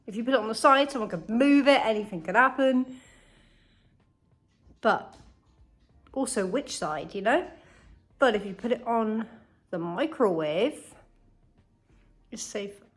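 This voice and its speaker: A woman's voice: a little high, expressive, a little slow, pauses often, husky. A young woman chatting casually to camera in a vlog, candid and chatty with frequent swearing, while in pain. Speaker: vlogger.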